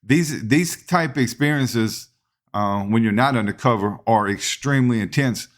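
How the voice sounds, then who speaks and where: A man hosts a podcast interview and steers it with casual, conversational questions. His voice sits at an ordinary pitch for a man. He talks plainly and informally. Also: normal speed. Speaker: podcast host.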